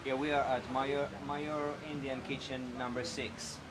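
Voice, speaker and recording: A man's voice: medium pitch, level tone, measured pace, noisy background. Chatty male host in a restaurant. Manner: reads out viewer questions, chatty with fillers. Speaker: show host. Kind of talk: casual livestream hosting. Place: Indian restaurant.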